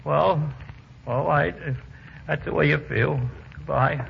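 A man's voice: on the high side, takes it slowly, gravelly, a little hiss or hum, exaggerated voice. An actor playing a meek, cheeky male household servant in a 1940s radio comedy, with a mild, sly drawl. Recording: muffled old radio broadcast.

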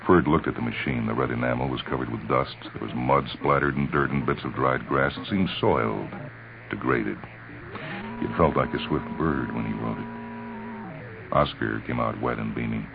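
Very deep male narrator, measured dramatic story reading, phone-like old radio sound, faint hiss. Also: vocal fry, music in the background.

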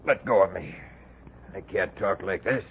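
A whiny, scared bartender. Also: male voice, low voice, unhurried, gravelly, breathy edge, phone-quality sound, exaggerated voice. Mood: nervous. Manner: whiny and defensive. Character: scared, evasive male bartender.

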